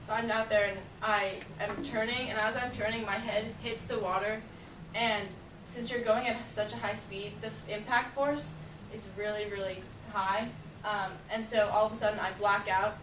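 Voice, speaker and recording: A woman's voice: mid-range voice, steady tone, normal speed. A woman casually telling a funny personal story, chatty and laughing often, filling her talk with "like". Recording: echoey room, far from mic, noisy.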